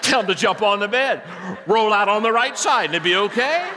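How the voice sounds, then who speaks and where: A man who is a pastor, preaching a sermon and telling stories, swinging from hushed to loud. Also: sits high, animated, brisk, slight background noise.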